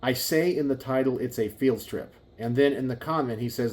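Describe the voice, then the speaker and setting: A man holds forth on camera from his home garage, his tone ranging between exasperated and ranting. His voice is mellow and dark, sitting at an ordinary middle pitch. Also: normal speed. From Texas. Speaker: gun channel host. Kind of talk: casual talk to camera.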